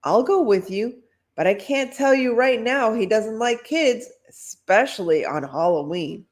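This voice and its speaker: A woman's voice: fairly high pitch, expressive, a little slow, darkish tone, pitched above the performer's own voice. A woman voicing an earnest boy in a cowboy costume.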